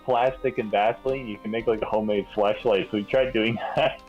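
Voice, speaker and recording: A man's voice: lowish voice, steady tone, fairly quick, darkish tone, dull audio, soft background music. A man telling rambling, laughing anecdotes in a casual chat among friends. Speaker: guest on a gaming stream.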